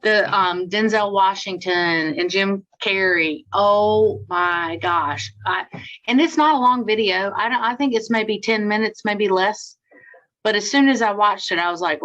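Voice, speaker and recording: A woman runs a sales-team Q&A over a video call, chatty and upbeat, spinning stories as she coaches. Her voice sits at a middling pitch for a woman. The audio is muffled and lo-fi, like a compressed call. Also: measured pace, fairly bright tone.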